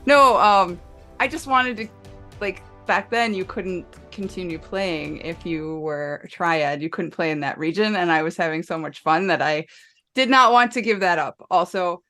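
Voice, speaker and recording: A woman's voice: lowish voice, normal speed, bright, forceful tone, soft background music. A woman guest in a casual podcast chat, telling stories about her old tabletop gaming days and laughing often.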